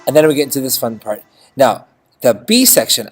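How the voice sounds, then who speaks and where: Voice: mid-range voice, lively intonation, a little fast, fairly bright tone. A music teacher giving a casual screen-recorded notation lesson, often checking in with "okay?" and singing short phrases of notes. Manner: chatty, checks in with frequent "okay?", sings notes.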